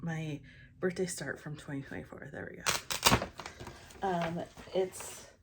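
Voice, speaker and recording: A cross-stitch vlogger with a low voice and measured pace chats casually about her stitching projects in a show-and-tell style, with very noisy audio. Still in her morning voice, she rambles with many ums and often drops into a whisper.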